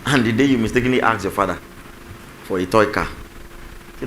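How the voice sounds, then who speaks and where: A man's voice: fairly low pitch, fairly quick, fairly bright tone, slight background noise, poor audio. A male pastor preaching a sermon on marriage communication to a congregation, acting out spouses' lines and calling on the listeners to repeat after him. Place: church.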